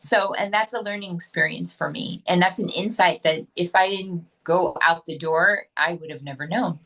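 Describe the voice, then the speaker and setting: An American actress in a casual interview, talking candidly and rambling with fillers and restarts over a video call. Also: female voice, fairly low pitch, normal speed, vocal fry, fairly bright tone, low-quality recording. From United States.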